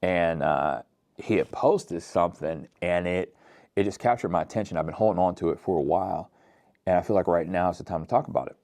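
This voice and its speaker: A man delivers a casual, conversational sermon full of slang. His voice sits very low, and the recording is close and dry with no room sound. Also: a little fast, darkish tone, dry recording. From Pittsburgh, USA. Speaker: pastor.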